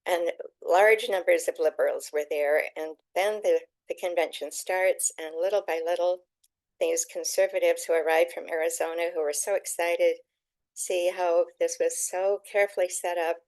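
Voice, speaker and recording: A woman author at a meeting, reading aloud from her own book in an earnest, emotional way, with halting restarts. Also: fairly low pitch, steady tone, darkish tone, dry recording, low-quality recording.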